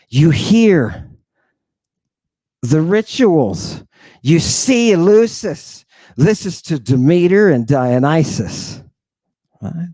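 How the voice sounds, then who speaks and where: Guy doing a dramatic lecture, slow and kinda high, keeps asking the crowd questions, dry sound. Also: very animated, mellow, no echo. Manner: emphatic, repeats key words, fires rhetorical questions. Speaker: lecturer and host. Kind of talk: theatrical lecture to an audience.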